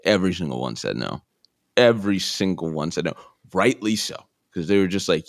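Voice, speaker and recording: Deep-voiced man telling a self-deprecating story. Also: brisk, creaky, no room sound, clean studio sound. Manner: animated, self-deprecating, acts out other people. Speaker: interview guest. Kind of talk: casual storytelling.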